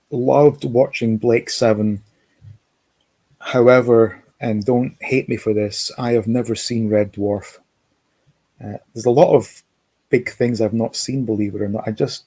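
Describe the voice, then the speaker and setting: Dark husky man chatting. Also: mid-range voice, fairly even intonation, slow pace, long pauses, no echo. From Scotland. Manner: rambling, reads out chat comments and reminisces. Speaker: livestream host. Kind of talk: casual livestream chat. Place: home, lives in America.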